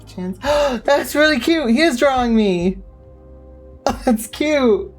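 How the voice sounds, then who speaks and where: A woman's voice: high voice, expressive, takes it slowly, soft background music. A woman streamer giving playful, giggly commentary while playing a game. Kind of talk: casual gaming commentary.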